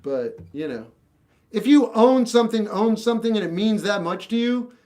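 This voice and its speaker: A man's voice: high-pitched, expressive, normal speed, loud music behind the voice. A man hosting a casual livestream, reading chat questions and giving blunt, off-the-cuff opinions. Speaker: livestream host answering chat. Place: home room with a record collection.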